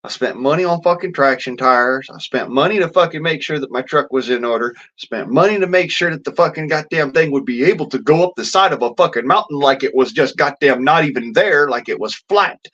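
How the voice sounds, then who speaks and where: A man's voice: medium pitch, fairly quick, few pauses, fairly bright tone, highs cut off. A man ranting in a vlog, swearing constantly in a blunt, rambling way with folksy slang. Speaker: vlogger.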